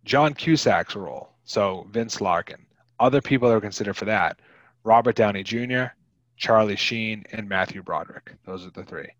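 A man's voice: fairly low pitch, normal speed, fairly bright tone, no room sound, muffled recording. A man hosting a podcast, chatting casually about a film in a rambling, wry way. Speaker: podcast host.

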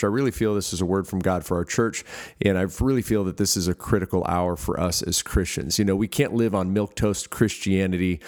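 Earnest low-voiced male pastor preaching. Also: darkish tone. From United States. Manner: earnest preaching with fillers and restarts. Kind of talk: podcast sermon.

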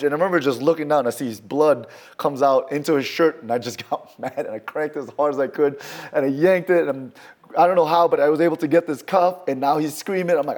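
Animated storytelling man, loud acted-out quotes. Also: fast talker. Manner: acts out quoted lines with sudden loud raised pitch; casual, swaps in mild words for swearing. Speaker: guest, firearms trainer.

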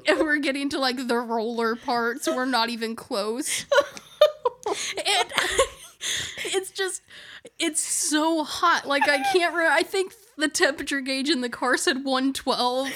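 A young woman with a high, bright-sounding voice tells a story in relaxed chat. She keeps dissolving into giggles and laughter between phrases as she goes. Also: a little slow. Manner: giggly, often breaking into laughter mid-sentence.

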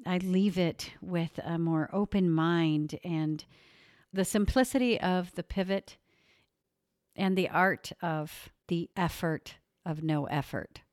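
A middle-aged woman host chatting casually, telling stories with animated restarts and laughs. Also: fairly low pitch, slow, dry recording, studio quality. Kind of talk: casual chat.

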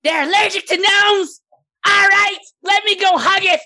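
Shrill panicky little gnome. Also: fairly even intonation, measured pace, bright, forceful tone, exaggerated voice. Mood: frantic. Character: small pudgy male gnome stowaway, panicky. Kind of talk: game master voicing a character.

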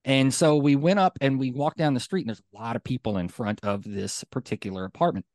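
Male podcast co-host, mid-pitched, chatty storyteller with a close, dry mic. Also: a little fast, a little mellow, dry recording. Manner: chatty storyteller, many fillers, gets fired up. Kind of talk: casual chat.

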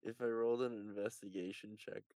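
A man playing a tabletop game, talking in a laid-back, low-key way. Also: fairly even intonation, brisk, mellow, no room sound. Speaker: player. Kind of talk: casual tabletop play.

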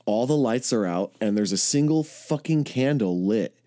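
A man's voice: lively intonation, normal speed, no room sound, clean studio sound. A man telling a rambling, profane personal story in casual speech, swearing often and correcting himself mid-sentence. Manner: acts out quoted voices, jumping loud and high for his own retorts.

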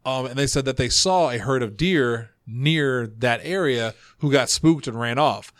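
A man hosting a casual podcast, telling stories from his notes with quick asides. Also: medium pitch, a bit bright, no room sound, studio quality. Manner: chatty storyteller, reads notes, quick asides. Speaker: podcast host.

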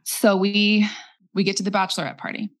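A woman's voice: mid-range voice, very animated, fairly quick, creaky. A young woman candidly telling a personal story in casual conversation, acting out what people said to her. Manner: candid, acts out the quoted lines.

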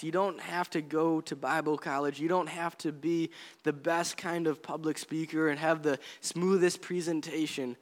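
Guy preaching a sermon, kinda high voice, earnest and chatty, big echoey hall. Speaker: pastor. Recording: long hall reverb.

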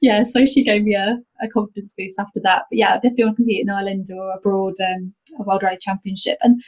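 A woman's voice: medium pitch, fairly even intonation, fast, a little mellow, poor audio. A young woman from North Wales, a rally driver co-hosting a podcast, talking in a chatty, enthusiastic way with frequent laughter. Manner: chatty and enthusiastic, many restarts and fillers, laughs often. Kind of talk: casual conversational interview.

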